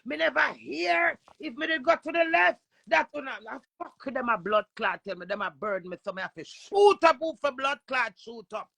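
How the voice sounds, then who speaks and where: A Jamaican woman hosting a live stream, ranting forcefully and swearing as she talks with a caller. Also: sits high, lively intonation, normal speed, creaky, hardly any pauses, dry recording. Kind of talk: casual live chat.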